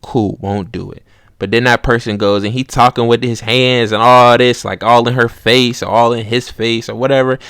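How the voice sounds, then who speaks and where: Young male podcast host, mid-pitched, slangy and loose, dry close mic. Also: level tone, normal speed, few pauses, fairly bright tone, clear, resonant tone, no room sound. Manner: conversational, street slang, acts out both sides of arguments. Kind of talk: casual monologue.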